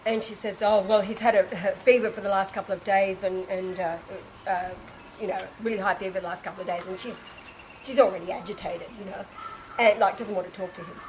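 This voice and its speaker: On a low-quality recording with a little hiss or hum, a woman with a medium-pitched voice speaks fairly quickly. She shares a spiritual testimony in casual, animated speech, acting out other people's lines and laughing often.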